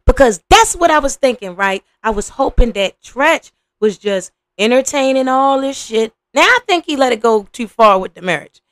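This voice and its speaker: A young adult woman hosting a podcast, giving blunt, profane, animated reaction commentary. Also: fairly high pitch, moderate pace, no room sound. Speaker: podcast host.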